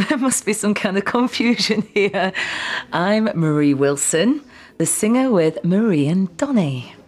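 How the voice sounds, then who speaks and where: A woman's voice: medium pitch, animated, unhurried, darkish tone, soft background music. A woman with an English accent, a guest singer, polite and bewildered.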